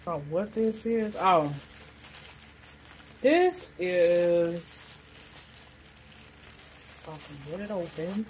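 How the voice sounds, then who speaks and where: Casual woman vlogger with a deep, slow delivery, rambling through her haul over faint background hiss. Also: expressive, a little mellow, poor audio. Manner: chatty, rambling, lots of fillers. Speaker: vlogger showing a shopping haul. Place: hot room with a fan blowing.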